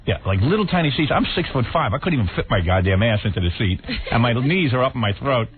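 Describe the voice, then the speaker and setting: A man's voice: mid-range voice, lively intonation, fast. A man hosting a radio show, telling crude, mocking stories in a brash, profane, rambling way. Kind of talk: crude rambling storytelling chat. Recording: tinny phone-like radio broadcast.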